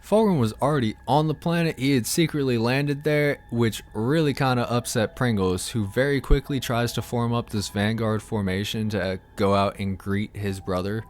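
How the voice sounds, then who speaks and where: A man's voice: medium pitch, moderate pace, hardly any pauses, slight background noise. Irreverent, foul-mouthed man narrating lore. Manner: irreverent, profane, slangy. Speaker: host of a lore-explainer channel.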